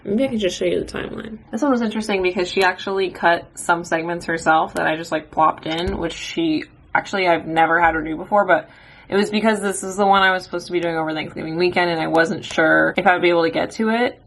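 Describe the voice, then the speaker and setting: A woman's voice: on the low side, creaky, a little hiss or hum. A woman in her thirties chatting casually to camera in a rambling, self-deprecating way from her home desk. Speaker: vlogger. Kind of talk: casual vlog chat. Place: home office.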